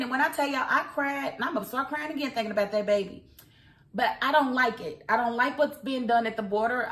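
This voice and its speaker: A woman's voice: on the high side, fairly bright tone. An American woman giving outspoken, opinionated news commentary, full of rhetorical questions. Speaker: vlogger and commentator. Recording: roomy echo.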